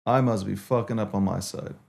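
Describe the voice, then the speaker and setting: A man's voice: fairly low pitch, fairly even intonation, brisk, vocal fry, darkish tone. A man hosting a livestream, talking casually to his viewers and swearing in exasperation as he repeats himself. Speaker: livestream host.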